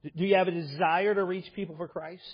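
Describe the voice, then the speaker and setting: A man's voice: sits high, fairly even intonation, fast, breathy edge. A male pastor preaching a sermon, asking his congregation earnest, direct questions. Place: church sanctuary. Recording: dull echoing church hall.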